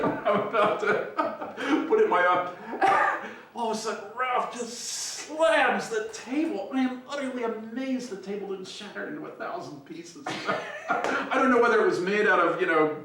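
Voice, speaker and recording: A man, an animator, telling a casual anecdote in an animated way and laughing often, recorded from a distant mic. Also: sits high, very echoey, a little hiss or hum.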